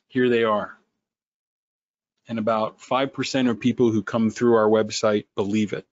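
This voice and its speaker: A man who founded a company, running a sales webinar in an animated, sarcastic way. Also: dry recording, highs cut off. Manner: animated, sarcastic, quick swings in pitch.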